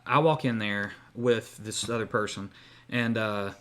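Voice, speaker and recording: A man's voice: lowish voice, unhurried, a bit bright. A man co-hosting a podcast, telling a long story in casual chat with many fillers and restarts. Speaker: podcast co-host.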